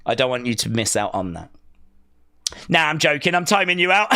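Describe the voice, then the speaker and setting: Guy running a wrestling watch-along stream, kinda high voice, sarcastic, keeps roasting his chat, bursts out loud sometimes. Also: sing-song, fairly quick, pauses often, slight background noise. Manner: jokey, sarcastic teasing of chatters; loud playful outbursts. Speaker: live stream host.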